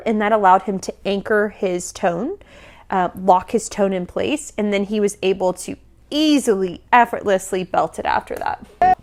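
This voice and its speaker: A woman vocal coach giving lively, casual reaction commentary, often singing short examples and laughing. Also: mid-range voice, moderate pace. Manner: animated, demonstrative, sings examples, laughs often.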